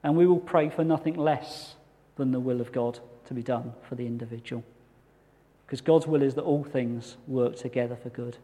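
A man preaching a sermon as a pastor, earnest and measured with touches of light humour. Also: mid-range voice, mellow. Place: church hall. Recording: long hall reverb.

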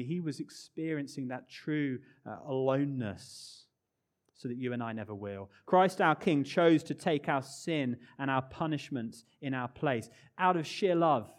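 A man preaching a sermon with earnest emphasis, dropping to hushed low phrases and rising again.

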